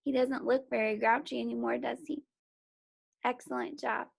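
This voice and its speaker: A woman's voice: fairly high pitch, little pitch movement, moderate pace, creaky, slightly rough. A woman teacher giving a patient, encouraging phonics and reading lesson to young children from home, sounding out each letter.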